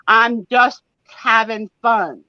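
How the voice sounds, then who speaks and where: Bright, playful woman hosting a live chat. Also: on the high side, takes it slowly, no echo, dull audio. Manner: playful, exclaiming, teasing. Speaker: host. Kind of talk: casual chat.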